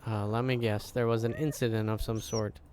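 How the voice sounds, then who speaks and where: A man's voice: lowish voice, level tone, a little fast, a little mellow, slight background noise, lightly acted. A man reading game dialogue aloud, voicing a polite, curious little cat in a mild, wry way.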